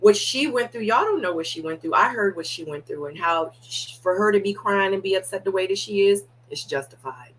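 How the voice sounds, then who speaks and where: A woman's voice: mid-range voice, expressive, fairly quick, few pauses, slight background noise, poor audio. A woman hosting a live reaction watch party, talking candidly and straight to her viewers. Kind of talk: casual reaction commentary.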